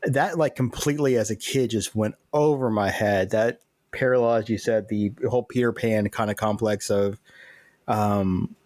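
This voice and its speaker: A man's voice: fairly low pitch, fairly even intonation, moderate pace, darkish tone, no room sound. A man in his forties co-hosting a podcast in casual chat, often hesitating and searching for words. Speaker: podcast co-host.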